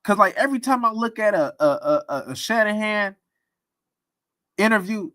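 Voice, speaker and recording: A man's voice: high voice, animated, normal speed, long pauses, pushed and bright, dry recording. A man hosting a casual sports talk stream, teasing and laughing often. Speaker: sports commentary host.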